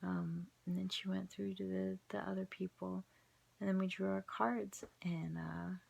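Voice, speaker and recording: A woman's voice: medium pitch, little pitch movement, unhurried, creaky, darkish tone, breathy edge. A woman vlogger telling a rambling, self-mocking story in a casual way, breaking into laughs.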